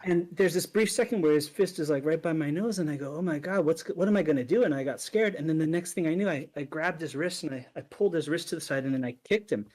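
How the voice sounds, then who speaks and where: A man co-hosting a casual podcast chat, telling a personal story in an animated way and acting out the other people's lines. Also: on the high side, fast, hardly any pauses. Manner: animated storyteller, acts out quoted voices. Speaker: podcast co-host.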